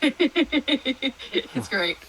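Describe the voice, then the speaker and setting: A woman from Texas with a Texan accent, telling stories in a rambling, animated way as a guest in a casual interview. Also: sits high, drawn-out words, a little hiss or hum, poor audio. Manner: rambling, animated storytelling with fillers. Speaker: guest author.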